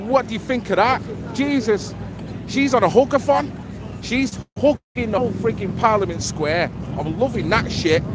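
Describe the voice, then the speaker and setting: A man from Manchester with a Mancunian accent, live-streaming outdoors on a city square, chatting bluntly and jokily with plenty of swearing. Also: extremely high pitch. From Manchester, England. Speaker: livestream host. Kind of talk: casual street livestream chat. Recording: loud street noise behind.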